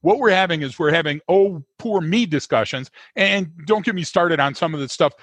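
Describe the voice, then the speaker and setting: Emphatic, slightly husky man explaining. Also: fairly high pitch, expressive, brisk, a bit bright, no echo. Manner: emphatic and lecturing, with rhetorical questions. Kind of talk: conversational explaining.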